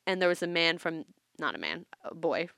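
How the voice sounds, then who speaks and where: A woman's voice: deep voice, big pitch swings, brisk, vocal fry, fairly bright tone, dry recording, studio quality. A woman telling a story in a rambling, casual podcast chat, laughing often. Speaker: podcast co-host.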